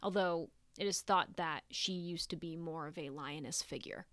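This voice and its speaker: A woman casually retelling old myths, irreverent and swearing, dropping into quick quoted voices for the gods. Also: low voice, fairly bright tone, dry recording. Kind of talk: casual storytelling about mythology.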